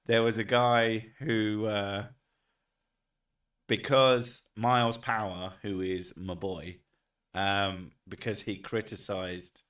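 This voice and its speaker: A man's voice: fairly low pitch, steady tone, takes it slowly, fairly bright tone, recorded from a distance. A man streaming live, chatting casually, swearing often and laughing between rambling thoughts. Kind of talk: casual livestream chat.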